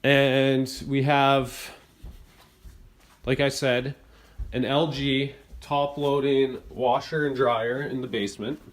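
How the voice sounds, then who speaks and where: A man filming at home, retelling a bad repair visit in an exasperated, hurried rant. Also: mid-range voice, flat delivery. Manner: exasperated, retelling events in a rush. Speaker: homeowner reviewing appliances. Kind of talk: ranting home video complaint. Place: inside a home kitchen.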